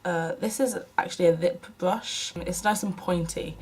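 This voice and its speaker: A woman's voice: fairly low pitch, normal speed, a little mellow, slight background noise, rough recording. A young woman from the UK chatting casually through a makeup tutorial, self-mocking and often half-muttering to herself. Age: young adult. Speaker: beauty vlogger.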